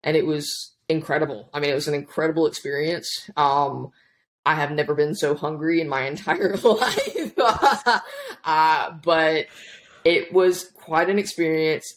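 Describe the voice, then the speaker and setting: A woman in her thirties chatting as a podcast guest, telling her story in an animated, rambling way. She restarts her sentences often and acts out what other people said along the way. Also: low voice. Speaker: podcast guest, powerlifting coach. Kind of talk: casual interview storytelling.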